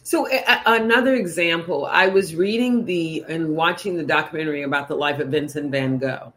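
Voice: mid-range voice, a little fast, fairly bright tone, a little hiss or hum. Curious interviewer with mid-range voice. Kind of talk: conversational interview.

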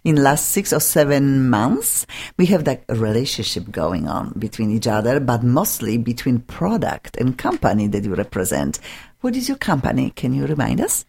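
A woman's voice: a bass voice, very animated, moderate pace, gravelly, darkish tone, breathy edge. A woman hosting a studio talk show, chatty and enthusiastic, with non-native phrasing. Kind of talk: casual studio chat.

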